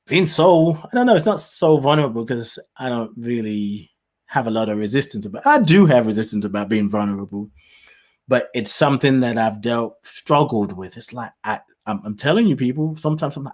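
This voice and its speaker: Male host, mixed British/Nigerian/Southern US accent, animated casual monologue with frequent laughs. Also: a little fast. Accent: mix of British, Nigerian and Southern US. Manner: animated, chatty, laughs often, big pitch swings. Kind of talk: casual live-show monologue.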